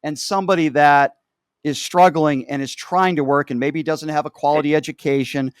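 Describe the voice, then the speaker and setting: A man's voice: fairly high pitch, steady tone, moderate pace, clear, resonant tone, no room sound, clean studio sound. A man hosting a call-in talk show, speaking emphatically and hammering home his points by repeating them. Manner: emphatic, repeats key phrases.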